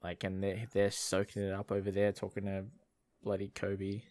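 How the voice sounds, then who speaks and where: Australian male co-host, deep and rambling, says "bloody" a lot, dry close mic. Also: monotone, moderate pace, a little mellow, dry recording. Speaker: podcast co-host. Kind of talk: casual movie recap chat.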